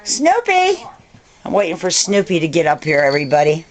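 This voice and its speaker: An older woman at home filming a casual video, chatting to the camera and calling to her dogs in a high sing-song voice. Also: quick pace, slight background noise. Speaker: dog owner filming her pets. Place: home, indoors.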